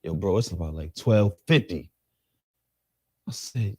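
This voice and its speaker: A man tells his own story as an interview guest, packing it with street slang and voicing the people in it with leaps in pitch. His delivery is animated and unhurried, his voice mellow with a slight roughness, and the recording is dry.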